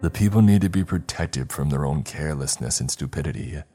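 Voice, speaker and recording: A man voicing a ruthless male surveillance boss with a creaky voice who snaps at others with contempt. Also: a bass voice, animated, a little fast, warm tone, faint music behind. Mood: ranting. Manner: snapping, contemptuous.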